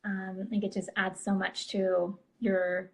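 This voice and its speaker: A woman's voice: medium pitch, little pitch movement, a little slow, gravelly. A woman interviewing a guest, affirming and encouraging, asking open questions in a casual chat. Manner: warm, affirming, frequent "mm-hmm" and "yeah". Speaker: interviewer, therapist.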